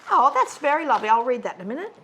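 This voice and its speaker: Chatty rambling woman, slightly high. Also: sing-song, racing, pushed and bright, slight background noise. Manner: chatty, rambling, with frequent fillers and restarts. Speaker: co-host of a stitching video channel. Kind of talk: casual chat. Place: dark bedroom, sitting on a bed.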